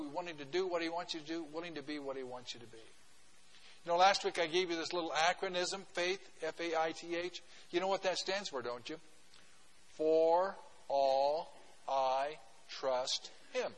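A man's voice: sits high, a bit bright. An older man preaching a sermon as a guest pastor, folksy and conversational, acting out prayers and little scenes. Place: church. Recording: long reverb of a church hall.

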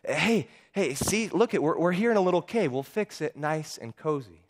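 A man's voice: fairly high pitch, lively intonation, normal speed, voice pushed up. A man voicing a brave, bossy young farm girl who is the eldest sister, speaking in an urgent, coaxing way.

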